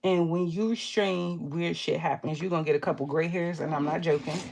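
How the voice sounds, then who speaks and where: A young woman tells a candid story to her viewers, her voice sitting low with a deep gravelly fry. She laughs often and slips into livelier voices when quoting herself. The talk is loose, blunt and casual. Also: fairly even intonation, a little fast, darkish tone. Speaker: beauty vlogger.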